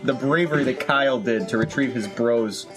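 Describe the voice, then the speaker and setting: A man's voice: medium pitch, moderate pace. Hesitant young man over guitar music. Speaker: player. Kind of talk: casual play.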